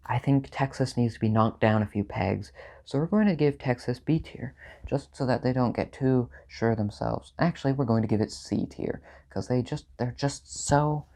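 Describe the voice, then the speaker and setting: A man talks through a casual comedy monologue with a deadpan, offhand delivery. His voice sits at an ordinary middle pitch. Now and then he jumps up in pitch for mock outrage, then drops back to his dry, unbothered tone. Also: normal speed, vocal fry. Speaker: video host ranking states.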